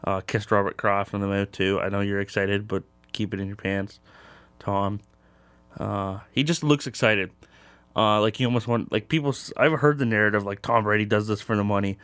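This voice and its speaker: A man's voice: lowish voice, steady tone, moderate pace, fairly bright tone, smooth, dry recording. Rambling young man talking sports. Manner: loose and rambling, many fillers. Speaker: sports show host. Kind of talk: casual sports talk.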